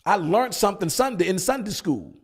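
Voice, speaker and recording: A man's voice: sits high, lively intonation, brisk, slightly rough. A male pastor preaching at a Bible study, hammering points with repeated rhetorical questions. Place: church.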